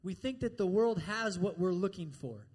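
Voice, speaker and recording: A high-voiced man preaching a sermon in a church. He talks to the congregation in a direct, conversational way and keeps checking in with quick asides like "all right?". His pitch sits well above most men's. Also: lively intonation, a little mellow.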